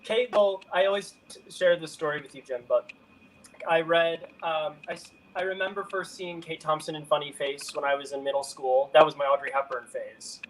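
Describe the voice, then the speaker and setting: A man's voice: fairly high pitch, steady tone, moderate pace, a little hiss or hum, low-quality recording. A young man chatting as a guest over a video call, bubbly and enthusiastic, often cutting himself off mid-sentence. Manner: bubbly, enthusiastic, self-interrupting. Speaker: guest singer-songwriter. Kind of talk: casual video-call chat.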